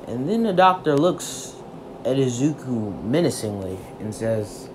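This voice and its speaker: A storyteller rambling through an improvised fan story in a loose, halting way. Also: medium pitch, big pitch swings, background noise.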